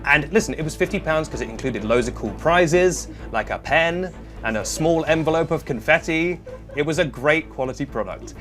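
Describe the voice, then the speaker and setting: A man hosting a comic news show, delivering sarcastic, deadpan jokes. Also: on the high side, moderate pace, soft background music. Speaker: host.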